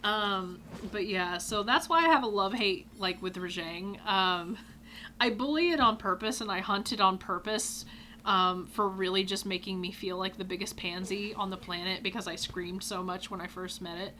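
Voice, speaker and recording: A woman hosts a gaming video and tells a casual anecdote with lots of animation, swearing freely and acting out quotes with loud cries. Her voice sits in the mid range at a moderate pace, with slight background noise.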